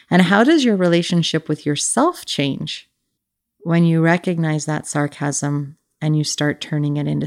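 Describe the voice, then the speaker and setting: A woman's voice: low voice, vocal fry. A woman hosting a reflective solo talk, speaking earnestly, questioning herself and addressing listeners directly. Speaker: podcast host.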